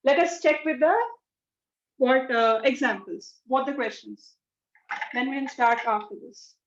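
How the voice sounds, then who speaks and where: A high-pitched woman teaches grammar to a class, repeating key terms and acting out sample sentences. Her voice rings in an echoey room on a dull, muffled recording. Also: measured pace. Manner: explanatory, repeats key words, acts out example sentences. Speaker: English teacher.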